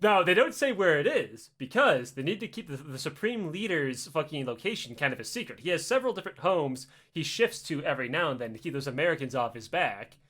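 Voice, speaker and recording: A man's voice: a little high, big pitch swings, brisk, hardly any pauses, fairly bright tone. A man casually telling a comic story, swearing often and acting out the voices with laughs. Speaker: podcast host telling a story.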